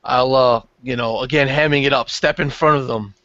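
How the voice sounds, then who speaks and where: A man's voice: mid-range voice, steady tone, normal speed, bright, forceful tone, no echo. A man playing a tabletop game, describing his moves hesitantly. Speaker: player. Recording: dry, muffled lo-fi audio.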